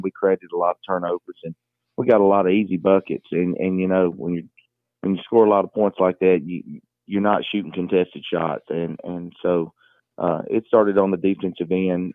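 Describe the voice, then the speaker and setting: Deep-voiced coach on a tinny phone line. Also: male voice, no echo. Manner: halting, many fillers and restarts. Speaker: high school basketball coach. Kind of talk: phone interview.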